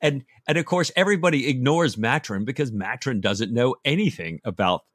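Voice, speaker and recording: A man's voice: medium pitch, animated, fairly quick, no echo, clean studio sound. A man co-hosting a book discussion podcast, chatting eagerly. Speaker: podcast co-host.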